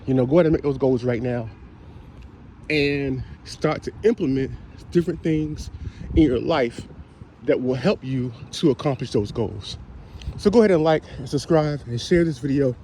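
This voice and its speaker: A man's voice: mid-range voice, dark tone, slight background noise. A man giving an upbeat, encouraging wellness vlog to his viewers while walking outdoors. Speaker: health and wellness vlogger. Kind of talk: casual motivational vlog. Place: outdoors, walking on a route with trees.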